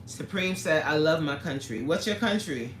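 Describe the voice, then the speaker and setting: A woman's voice: deep voice, animated, normal speed, roomy sound, slight background noise. A woman fitness coach hosting a casual livestream, reading viewer comments aloud with playful, slangy banter and frequent laughter.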